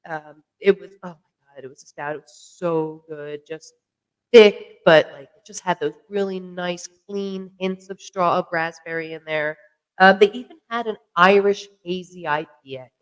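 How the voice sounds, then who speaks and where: A chatty podcast host rambles to the camera at an easy, conversational pitch. The voice is smooth and clear, full of fillers and self-corrections. Now and then they pause for a sip. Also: poor audio. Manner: sips a drink while talking. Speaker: podcast host reviewing beer. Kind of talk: casual chat to camera.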